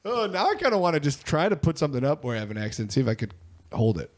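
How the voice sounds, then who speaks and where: High, animated male podcast host. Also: racing. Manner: joking, self-deprecating. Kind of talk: casual interview chat.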